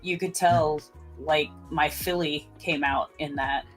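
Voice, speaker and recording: A woman's voice: low voice, fairly even intonation, slow pace, faint music behind, rough recording. A woman with a slight Southern US twang, chatting as a podcast co-host in a rambling way, often restarting her sentences. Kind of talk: casual chat.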